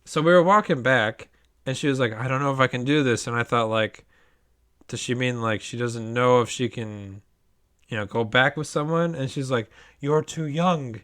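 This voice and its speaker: A young man in casual podcast chat, telling an animated story, acting out quoted lines and swearing freely. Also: medium pitch, normal speed, clear, resonant tone. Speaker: podcast co-host.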